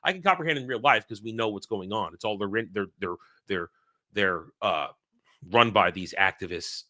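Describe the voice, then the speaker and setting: A man's voice: on the low side, animated, normal speed, pushed and bright. A man hosting his own channel, telling a long dream story in a rambling, heated way with many restarts. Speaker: channel host. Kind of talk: casual solo monologue recounting a dream.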